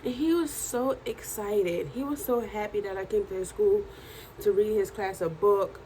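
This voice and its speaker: A woman in her thirties with a hoarse, worn-out voice, chatting in a casual video diary at home at night, tired and animated as she tells stories. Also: medium pitch, normal speed, slight background noise, low-quality recording. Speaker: vlogger and journal author.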